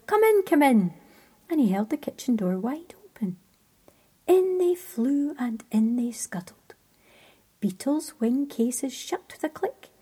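A woman telling a story in a soft, hushed whisper. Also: a little high, breathy edge.

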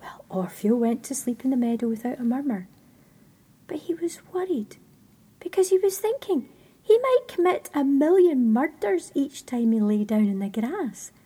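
A woman telling a story in a soft, hushed whisper. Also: sits high, sing-song, normal speed, breathy edge.

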